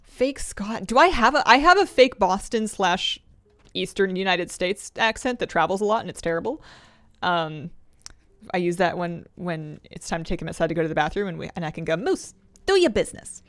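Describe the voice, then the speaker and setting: A woman's voice: on the low side, brisk, a bit bright, no echo. A woman streamer chatting casually while playing, thinking aloud and laughing often. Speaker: game streamer. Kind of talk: casual gameplay commentary.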